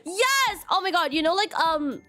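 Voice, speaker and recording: A woman's voice: extremely high pitch, animated, normal speed, sharp tone, soft background music. A woman streamer chatting casually with her viewers, giggling and stumbling over words as she laughs at herself. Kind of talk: casual live-stream chat.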